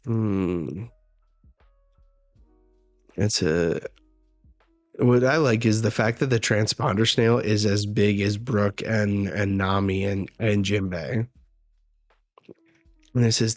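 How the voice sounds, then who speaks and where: A man hosting a live manga chapter reaction, who talks in an unhurried, hesitant way with many filler words. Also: lowish voice, fairly even intonation, no room sound, soft background music.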